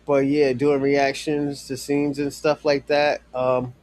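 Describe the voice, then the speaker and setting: A man chats casually on a live stream in a medium-pitched, level, slightly mellow voice, taking his time; the recording is dry. He rambles with many fillers and restarts, swears freely, and addresses a viewer in chat directly.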